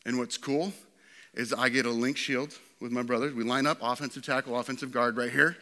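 A pastor preaching a sermon to his church, swinging from loud and excited to quiet and hushed. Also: medium pitch, a little fast.

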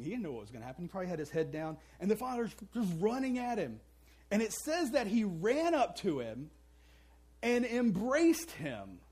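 A man's voice: sits high, breathy edge. A man preaching a sermon, telling a story with playful asides and acting out the characters' voices. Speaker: pastor.

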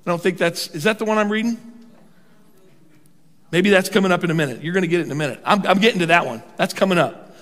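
Older man, pastor; high-pitched, animated preacher who stretches his words, heard in a reverberant sanctuary. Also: quick pace, long pauses. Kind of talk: sermon. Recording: long hall reverb.

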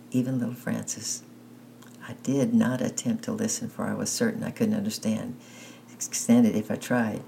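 A man reading a children's story aloud in an unhurried way, with small slips and restarts. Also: on the low side, gravelly, dark tone, slight background noise, poor audio. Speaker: narrator.

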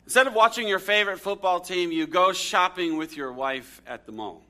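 Bright-voiced man preaching a sermon. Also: moderate pace. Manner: storytelling with dramatic swings in pitch and volume. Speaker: pastor.

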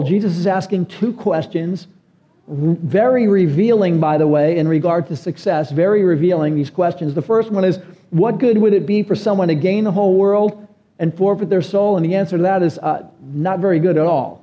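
A man's voice: sits high, moderate pace, lo-fi sound. A man preaching a sermon as pastor, earnest and emphatic, his voice climbing on key phrases.

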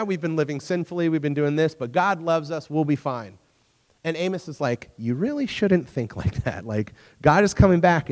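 A man preaching in a relaxed, chatty way, his voice sitting a little higher than most men's. He tells stories and briefly voices the people in them. A long reverb trails each phrase, as if he is speaking in a large hall. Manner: conversational, acts out characters in the story. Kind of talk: casual sermon with storytelling.

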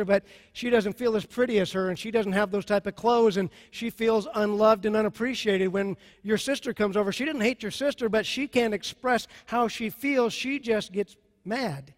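A man preaching a sermon on marriage, emphatic and repeating key phrases slowly for effect. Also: high-pitched, steady tone. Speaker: pastor. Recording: long hall reverb.

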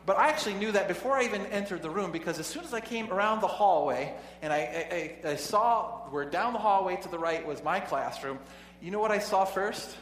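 A man's voice: sits high, lively intonation, a little fast, hardly any pauses, a bit bright. Preacher man in an echoey hall. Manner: conversational, chuckling asides, frequent restarts. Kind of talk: sermon with storytelling. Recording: echoey hall with faint hum.

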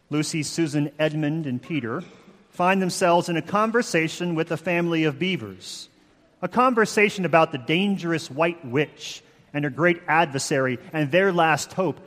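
A man preaching a sermon, measured and emphatic, with slow dramatic pauses. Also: fairly high pitch, a bit bright, in a large hall. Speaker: pastor.

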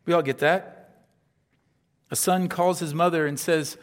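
A man preaching a conversational sermon, his voice sitting fairly high for a man. He throws in frequent rhetorical asides and acts out the people he quotes. His words carry a long reverb, as if spoken in a large church hall. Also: steady tone, unhurried. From upper Midwest of the US. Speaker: pastor.

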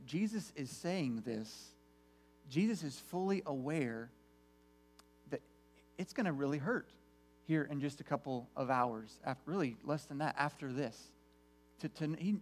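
A man preaching a sermon to his congregation in an earnest way, often repeating words as he restarts phrases. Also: a little high. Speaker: pastor.

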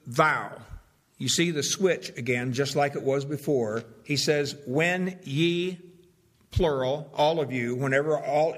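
A pastor preaching a sermon, stressing key words and restarting phrases as he explains a passage. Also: on the high side.

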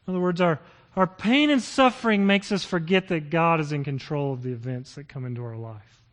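A man's voice: fairly high pitch, fairly quick. A middle-aged man preaching a sermon as pastor, earnest and building to impassioned scripture reading.

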